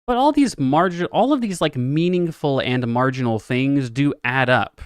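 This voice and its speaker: A young man from Texas doing casual livestream political commentary, rambling, profane and animated. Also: mid-range voice, normal speed, clear, resonant tone, no echo. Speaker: political streamer.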